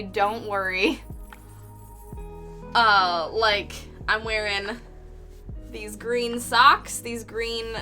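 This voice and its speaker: A woman's voice: a little high, sharp tone. A young woman streaming live while painting, chatting casually, reading out chat messages with lots of fillers and little laughs.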